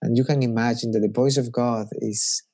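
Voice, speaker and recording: A man's voice: mid-range voice, fairly even intonation, fairly quick, mellow. A man preaching a conversational sermon as a pastor, reflective and personal, musing aloud.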